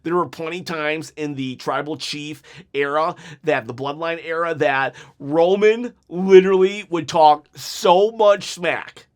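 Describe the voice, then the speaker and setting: A man in his forties chatting casually about wrestling promos, self-mocking and quick to laugh while telling a story. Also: fairly high pitch. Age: 40s. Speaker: wrestling commentary youtuber. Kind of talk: casual video commentary and storytelling.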